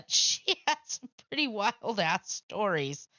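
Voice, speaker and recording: A woman's voice: mid-range voice, lively intonation, drawn-out words, sharp tone, no echo. A woman hosting a crafting stream, chatting bluntly with salty language and frequent laughs. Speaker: crafting channel host. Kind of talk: casual craft livestream chat. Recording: dull lo-fi sound.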